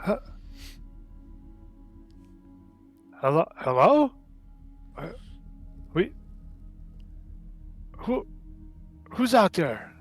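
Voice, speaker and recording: A woman's voice: lowish voice, expressive, slow, soft background music, pitched above the performer's own voice. A man playing a frightened trapped woman. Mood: scared. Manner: stammering, nervous.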